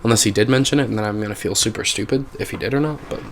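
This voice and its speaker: A man's voice: fairly low pitch, rapid-fire, slight background noise. A man giving casual gameplay commentary, rambling and exasperated, his talk full of fillers. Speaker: gaming video creator.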